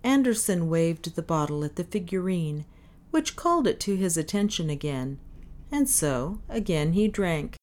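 A woman narrating a story as an audiobook, in a measured, even reading. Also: fairly low pitch.

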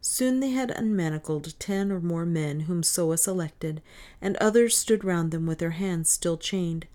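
A woman narrating an adventure novel in a steady, measured reading. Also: fairly low pitch. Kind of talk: audiobook narration.

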